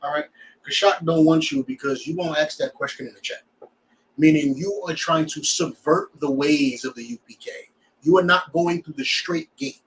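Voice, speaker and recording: A man's voice: on the high side, normal speed, a bit bright, distant mic, poor audio. A man teaching a scripture class in a blunt, preachy way, full of rhetorical questions.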